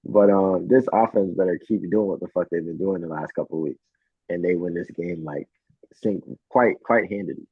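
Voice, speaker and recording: Deep-voiced and a bit rough, this man co-hosts a casual betting chat at a moderate pace, cursing often and telling stories with real energy. There's no echo, though the sound is tinny and phone-like.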